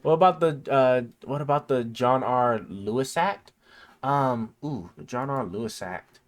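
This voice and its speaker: A man hosting a casual live stream chat, thinking aloud with lots of fillers and sometimes reading text aloud. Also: medium pitch. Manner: reads text aloud haltingly. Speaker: livestream host.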